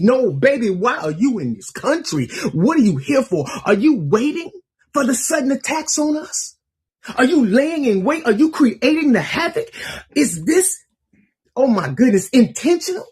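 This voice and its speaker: A woman's voice: a little high, dark tone, slightly rough. A woman in angry, impassioned political commentary, preaching with rhetorical questions.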